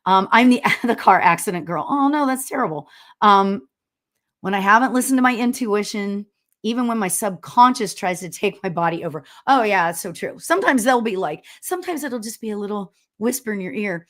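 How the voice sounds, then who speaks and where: A middle-aged woman hosting a live stream as a spiritual medium, chatting casually and telling stories loudly with lots of laughs and "you know?". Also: medium pitch, a little fast. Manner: loud, animated storyteller with frequent laughs and "you know?". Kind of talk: casual livestream chat reading viewer comments.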